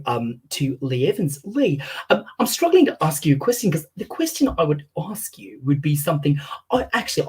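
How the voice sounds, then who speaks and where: A man's voice: on the high side, darkish tone, breathy edge. A man hosting a live question session, reading out audience questions with many fillers. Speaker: host taking audience questions. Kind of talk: casual live-stream chat.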